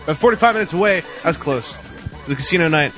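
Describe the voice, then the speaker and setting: A man's voice: fairly high pitch, expressive, fast talker, fairly bright tone, soft background music. A man hosting a podcast at a fan convention, chatting casually with many fillers and restarts into a handheld mic. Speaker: podcast host. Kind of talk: casual chat. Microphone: handheld mic passed between speakers.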